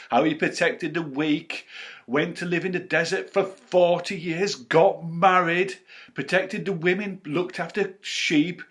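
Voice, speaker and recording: A man telling a Bible story to children at a church storytime, expressive and addressing the children directly. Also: a little high.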